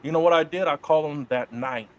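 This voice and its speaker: A middle-aged man telling wrestling stories in a casual interview, profane and lively. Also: fairly high pitch, quick pace. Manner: profane, animated storyteller doing voices of others in quotes. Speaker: guest, wrestler.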